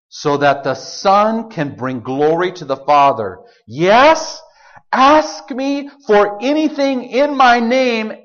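A man with a high-pitched voice preaches a sermon in an easy, conversational way. He often slips into quoting God and Jesus as he talks. The sound is dull and a bit lo-fi. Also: a bit bright. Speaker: pastor.

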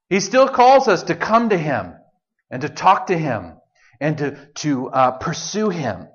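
Conversational preacher man with a high voice. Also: fairly bright tone, muffled recording. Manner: conversational preaching, shifts into quoted voices of God. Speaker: pastor. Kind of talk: sermon.

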